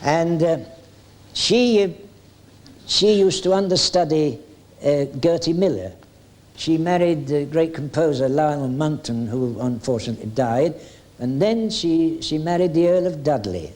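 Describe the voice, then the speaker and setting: Older entertainer, somewhat high voice, chatty anecdotal storyteller with halting fillers. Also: male voice, darkish tone. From England. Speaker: veteran music hall entertainer. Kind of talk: anecdotal reminiscing.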